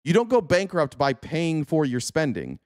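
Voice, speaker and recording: A man's voice: fairly high pitch, huge pitch swings, moderate pace, a little mellow, no echo, studio quality. A man hosting a livestream, reacting to political clips with sarcastic, profane casual commentary.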